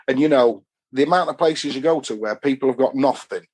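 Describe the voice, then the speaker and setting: Brief: Yorkshire bloke, podcast guest, broad rambling anecdotes, mid-pitch everyday voice. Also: male voice, fairly quick, a little mellow, husky. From England. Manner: rambling storyteller, chatty and broad. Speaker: guest, football fan. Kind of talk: casual anecdotal chat.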